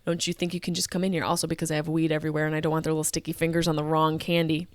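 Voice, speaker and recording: A woman's voice: low voice, flat delivery, very fast, dry recording. A woman in her thirties telling a personal story as a podcast host, candid, emotional and full of swearing. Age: 30s.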